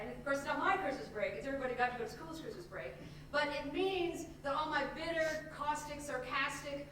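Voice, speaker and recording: Woman, from Indianapolis, comic storytelling, self-mocking, fairly high voice, echoey distant stage sound. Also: noisy background. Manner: self-mocking, animated, with many restarts and quick character switches. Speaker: solo stage performer. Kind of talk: live comic storytelling monologue.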